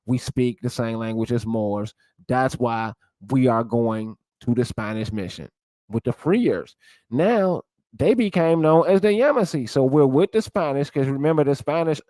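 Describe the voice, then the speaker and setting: Man giving a casual lecture to his viewers, mid-pitched, dry sound. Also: a little mellow, no room sound. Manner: lecturing, searches aloud, addresses viewers as y'all. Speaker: commentator. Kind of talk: casual commentary while browsing sources.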